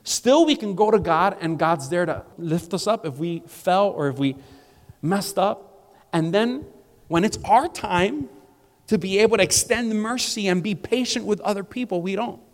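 A pastor from South Florida preaching a sermon as a relaxed, conversational story. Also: male voice, sits high, normal speed. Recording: long hall reverb.

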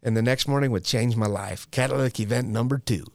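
A man in his forties tells his own story as a guest, frank and self-deprecating, dropping in wry jokes and slang. His voice sits at an ordinary middle pitch. It is recorded dry and close, with no room sound. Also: fast talker, vocal fry, a little mellow, no echo. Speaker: guest sharing a recovery story. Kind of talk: candid personal storytelling.

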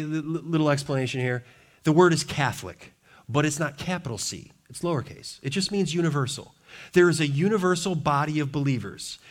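A middle-aged male pastor preaching a sermon with passionate, emphatic delivery and repeated phrases. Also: on the high side.

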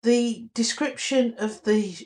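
A woman co-hosting a casual book chat, retelling scenes in a chatty, animated way. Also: on the high side, slow pace. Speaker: podcast co-host.

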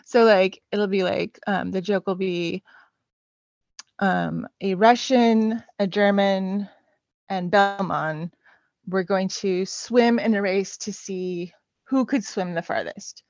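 A woman guesting on a podcast chats casually, hesitating and filling gaps with filler sounds. Her medium-pitched voice is slow and darkish, captured in a dull, lo-fi, dry recording with no echo.

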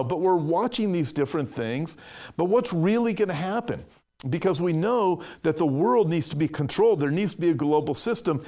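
A man's voice: fairly high pitch, darkish tone. A man preaching an emphatic prophecy sermon as a pastor, reading news quotes aloud and commenting on them. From California.

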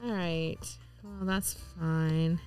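A woman's voice: fairly low pitch, steady tone, very slow, darkish tone, clean tone, faint music behind. A woman co-hosting a podcast in casual, chatty talk, swearing freely and laughing often. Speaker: podcast co-host. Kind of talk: casual chat.

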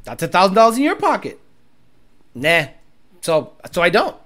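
A man's voice: sits high, wildly swooping pitch, normal speed, a bit bright. A young man hosting a casual livestream, reading chat and ranting bluntly with lots of profanity and boasting.

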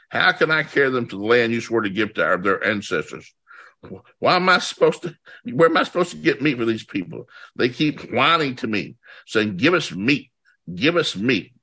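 A man's voice: mid-range voice, sharp tone. A man voicing an exasperated, weary leader. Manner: pleading, exasperated. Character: weary, exasperated man at the end of his rope.

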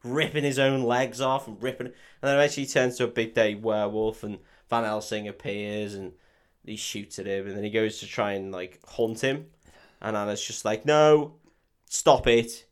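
A man's voice: on the low side, level tone, normal speed. A man, casually retelling a film plot on a podcast, swearing often. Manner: swears freely, retells scenes in quoted voices. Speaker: podcast co-host. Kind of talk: casual film recap chat.

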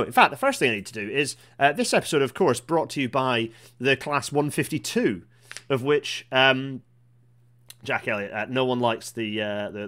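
A man at a desk mic, chatting casually about railways to his stream. His voice sits at a middling pitch, and he talks in a rambling way, full of false starts and asides. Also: fairly bright tone. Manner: waffling, self-interrupting, with many fillers and restarts. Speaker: host of a rail chat stream.

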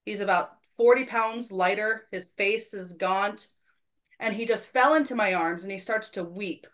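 A woman's voice: medium pitch, measured pace, fairly bright tone. Earnest woman telling a faith story. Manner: earnest, self-deprecating, quotes people in her story. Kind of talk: casual faith conversation, storytelling.

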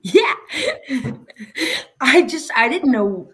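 A woman's voice: high voice, sing-song, very slow, fairly bright tone. A woman chatting casually as a guest, giggly and self-deprecating, often trailing off mid-sentence. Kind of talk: casual chat.

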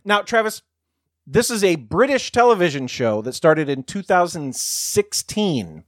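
A man's voice: sits high, sing-song, measured pace, no room sound, studio quality. A man co-hosting a podcast, trading crude, wry jokes in casual chat. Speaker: podcast co-host.

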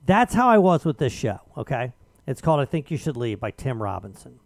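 A man hosting a radio talk show, telling an argumentative story in casual chat with animated emphasis. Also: mid-range voice, a little fast, no echo.

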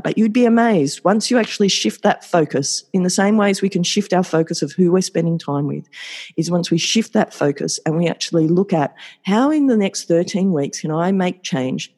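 A man's voice: high voice, normal speed, a little mellow. A man hosting a solo podcast, talking in an upbeat, effusive and motivational way and repeating words for emphasis. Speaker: podcast host.

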